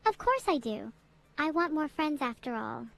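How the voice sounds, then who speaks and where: A synthetic high female voice playing a chaotic young AI streamer, blunt and deadpan. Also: moderate pace, vocal fry, heavily acted. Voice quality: synthetic text-to-speech voice.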